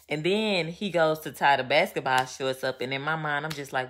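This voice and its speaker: Woman, low voice, casual chat, venting, animated storytelling, slangy. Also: moderate pace, hardly any pauses. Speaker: vlogger. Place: home, getting ready.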